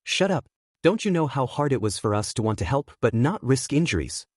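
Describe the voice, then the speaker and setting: A man's voice: mid-range voice, big pitch swings, fairly quick, slightly rough, no echo, clean studio sound. A man voicing an earnest teenage boy hero who blames himself, in a raised, emotional delivery. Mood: upset.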